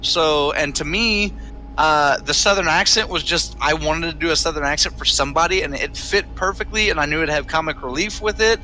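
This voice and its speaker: A man's voice: on the high side, brisk, sharp tone, slight background noise, poor audio. A man hosting and running a game, chatting in a laid-back way and laughing often, talking over an online call. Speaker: host and game master. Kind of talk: casual chat on an online call. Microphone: online call mic.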